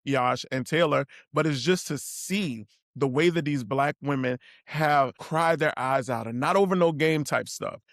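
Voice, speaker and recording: A man's voice: fairly high pitch, measured pace, hardly any pauses, fairly bright tone, no room sound, clean studio sound. A man co-hosting a casual podcast recap, talking animatedly and acting out quotes in a raised voice. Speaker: podcast co-host.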